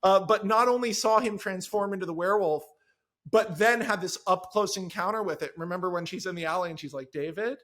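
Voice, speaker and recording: A man with a very high, bright voice, talking casually as a podcast guest. He tells an animated, rambling story packed with asides and side comments, and his tone is sharp and forward. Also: fairly quick. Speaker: screenwriter guest.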